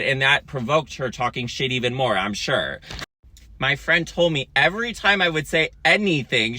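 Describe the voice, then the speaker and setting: Sassy male vlogger, dramatic, profane storyteller, bright edge, mid pitch. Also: dry recording. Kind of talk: storytime monologue.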